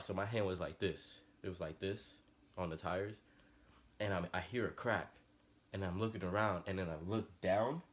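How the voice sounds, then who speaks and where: Low-voiced young man telling a story. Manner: slangy, rambling, animated retelling. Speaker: vlogger. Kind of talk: casual storytelling.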